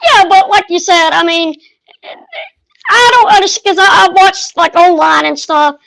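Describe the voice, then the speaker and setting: High-voiced woman co-host chatting. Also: moderate pace, gravelly, a bit bright, poor audio. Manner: brief agreeing interjections, questions. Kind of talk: casual chat.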